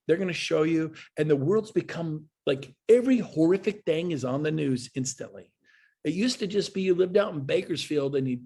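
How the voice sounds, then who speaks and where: Middle-aged male speaker with a rough, husky tone, delivering a punchy, repetitive pep talk over a video call. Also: a little high. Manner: energetic, folksy, emphatic, with repeated phrases. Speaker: guest speaker at a real estate webinar. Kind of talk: motivational talk.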